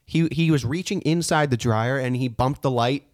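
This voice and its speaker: A man's voice: mid-range voice, normal speed. A man co-hosting a podcast, telling family stories in casual chat and acting out his relatives' lines. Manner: animated storyteller, acts out family members' lines. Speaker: podcast co-host.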